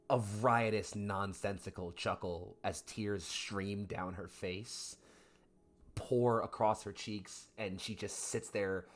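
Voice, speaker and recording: A man narrating a tabletop role-play game as game master, describing scenes at length. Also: deep voice. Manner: slow, descriptive.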